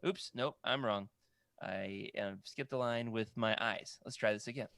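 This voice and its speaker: A man's voice: fairly low pitch, moderate pace, gravelly, a bit bright, no echo, clean studio sound. A man co-hosting a casual chat, rambling and correcting himself as he stumbles over names. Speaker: podcast co-host. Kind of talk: casual chat about comic art books.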